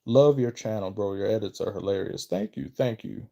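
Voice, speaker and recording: A man chatting on a live stream, reading viewers' messages aloud and answering them off the cuff. He rambles and trails off mid-thought, then starts his sentences over. His voice springs upward whenever he gets excited. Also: normal speed, creaky. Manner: lively, pitch jumps up when excited. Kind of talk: casual live-stream chat.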